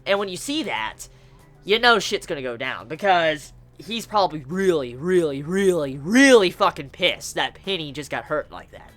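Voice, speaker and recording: A woman reviewing an animated series episode, gushing with excitement and swearing freely as she talks. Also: low voice, normal speed, soft background music. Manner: gushing, profane, emphatic.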